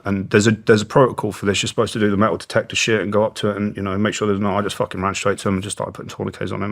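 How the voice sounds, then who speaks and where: A middle-aged British man, a former soldier, telling war stories bluntly and emotionally in an interview, swearing heavily. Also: fairly low pitch. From Britain. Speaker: guest, former special forces soldier. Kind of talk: candid interview storytelling.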